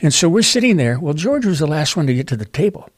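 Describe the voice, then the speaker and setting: A middle-aged man telling stories as a radio guest, animated, with restarts and a voice that jumps up when he gets excited. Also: fast, dry recording, studio quality. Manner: animated anecdotal storyteller, restarts, rises in pitch when excited. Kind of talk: casual storytelling chat.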